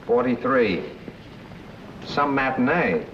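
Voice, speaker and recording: A man's voice: mid-range voice, expressive, slow, recorded from a distance. A wry, offhand theater worker. He sounds set back from the mic. Hiss runs under the dull 1940s soundtrack.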